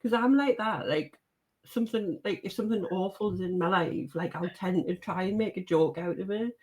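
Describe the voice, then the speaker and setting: Woman host with a mid-pitched voice, loose and filler-heavy. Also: moderate pace. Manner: chatty, full of fillers. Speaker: podcast host. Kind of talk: casual podcast chat.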